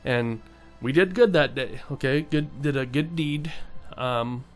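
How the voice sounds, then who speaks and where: A man's voice: mid-range voice, measured pace, faint music behind. A young man talking casually and earnestly to his viewers, rambling with many fillers and restarts. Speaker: vlogger. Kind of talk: casual motivational monologue.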